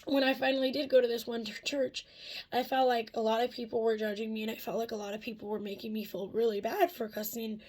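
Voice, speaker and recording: Husky woman in a rambling vlog. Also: on the high side, flat delivery, quick pace, darkish tone. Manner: candid and rambling, swears freely, laughs often. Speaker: vlogger. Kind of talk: casual confessional talk to camera.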